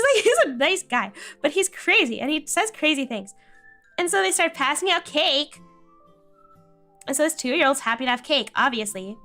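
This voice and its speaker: A woman streamer chatting casually with viewers, telling a family story and laughing often. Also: fairly high pitch. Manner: animated, quotes relatives in voices.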